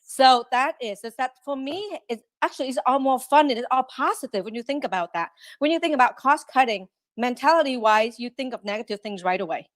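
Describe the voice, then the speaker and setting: A woman running a restaurant, a guest on a podcast interview, talking in an animated way and often acting out quick quotes. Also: high voice, no room sound. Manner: animated, quotes herself and staff in lively asides.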